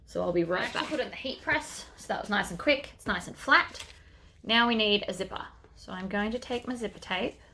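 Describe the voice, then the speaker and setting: A woman's voice: medium pitch, a little fast, pushed and bright, a little hiss or hum. A woman hosting a sewing tutorial, chatting casually as she works through each step.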